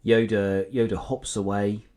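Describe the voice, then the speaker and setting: Male co-host, very deep dark voice, chatty, lots of restarts. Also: steady tone, measured pace. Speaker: podcast co-host. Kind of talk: casual chat.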